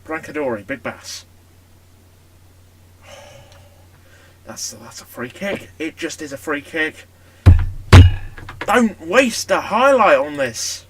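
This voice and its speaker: High-voiced gaming commentator. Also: male voice, takes it slowly, long pauses, slight background noise. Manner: chatty, erupts into excited shouting at big moments. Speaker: gaming YouTuber. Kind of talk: casual commentary over a football management game.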